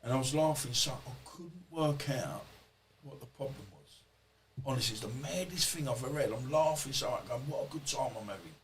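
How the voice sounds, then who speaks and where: A man's voice: medium pitch, moderate pace, few pauses, rough recording. Male guest, mid-range voice, rambling storyteller who swears freely and acts out quotes; faint background noise. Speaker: podcast guest. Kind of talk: casual storytelling interview.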